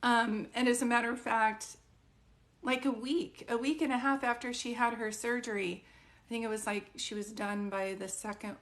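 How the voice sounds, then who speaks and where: A woman's voice: a little high, steady tone, moderate pace, a bit bright. A woman psychic medium chatting casually and at length with viewers during a live stream. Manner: chatty and rambling, talking straight to viewers.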